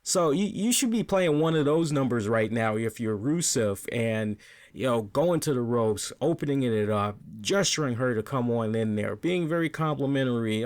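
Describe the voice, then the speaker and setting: A man's voice: mid-range voice, expressive, normal speed, a little mellow. A man hosting a wrestling review show, talking casually and with animation, often repeating words and asking "right?".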